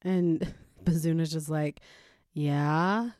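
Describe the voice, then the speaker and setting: In an unhurried, animated way, an adoptive mother chats through a folktale and reflects on it, frequently laughing. Her fairly low voice sounds mellow, and the studio-quality recording has no room sound.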